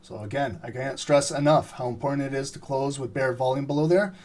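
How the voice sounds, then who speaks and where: A man giving live trading commentary, explaining steadily and often clearing his throat as he says he is losing his voice. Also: medium pitch, a little fast. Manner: steady explanatory, repeats "remember" and "right?". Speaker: trading streamer.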